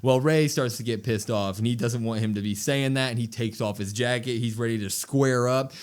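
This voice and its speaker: Podcast co-host, male, mid-pitched, lively recap style. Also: normal speed, smooth. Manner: animated recapping, acts out quotes. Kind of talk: casual wrestling review chat.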